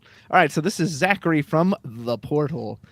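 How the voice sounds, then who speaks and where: A man's voice: on the high side, expressive, moderate pace, a bit bright, no echo. Easygoing man co-host, dry close sound. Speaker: stream co-host and commentator. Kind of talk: casual chat, reading player introductions.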